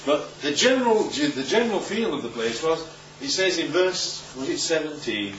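In a roomy, distant, dull recording, a male preacher gives an informal Bible talk, chatting conversationally and frequently checking in with listeners. His voice is fairly high and sing-song, a bit bright, at a moderate pace. A little hiss or hum is audible.

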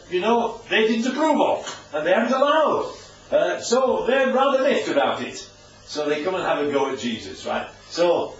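Lively preacher in an echoey hall. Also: male voice, a little high, a little hiss or hum. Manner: chatty, asks the audience questions. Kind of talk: informal Bible teaching with slides. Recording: distant, echoey, dull room recording.

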